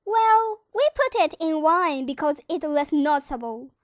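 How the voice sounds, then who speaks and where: A young woman on stage playing a calm, sweet elderly aunt in amateur acting, speaking soothingly and calling others dear. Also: high-pitched, normal speed, no room sound. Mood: placid. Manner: soothing, gentle, says dear often.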